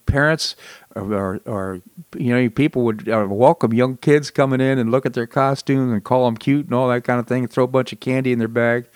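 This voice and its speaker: A man's voice: medium pitch, no room sound. A man hosting a talk show, chatting casually about politics and memories, with frequent chuckles. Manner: conversational, chuckles often. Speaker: radio show host.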